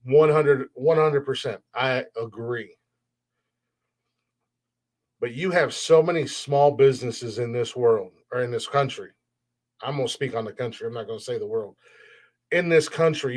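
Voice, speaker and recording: A man hosting a solo podcast, ranting bluntly and profanely in a heated, restarting way. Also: medium pitch. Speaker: podcast host. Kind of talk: opinionated solo podcast rant.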